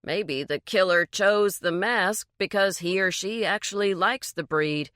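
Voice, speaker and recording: A woman's voice: medium pitch, a little slow, a bit bright, no echo, clean studio sound, close to an everyday voice. A woman voicing James, a polite and cautious man who speaks hesitantly among friends.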